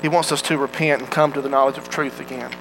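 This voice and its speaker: A man's voice: medium pitch, fairly even intonation, fast, a bit bright, slight background noise, rough recording. A man preaching a sermon in an earnest way, asking his listeners direct questions.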